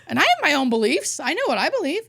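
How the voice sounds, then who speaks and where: A woman hospice nurse, a guest on an interview show, telling stories in a casual, animated way and acting out what people said. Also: sits high, fast, gravelly. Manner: animated storyteller, acts out quotes.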